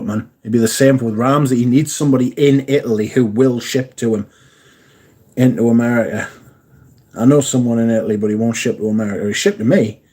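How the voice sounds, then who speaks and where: A man's voice: mid-range voice, mellow, slightly rough. A man, hosting a casual livestream, chatting and swearing freely while answering viewers. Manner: sweary, chatty, reads viewer comments aloud. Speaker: livestream host.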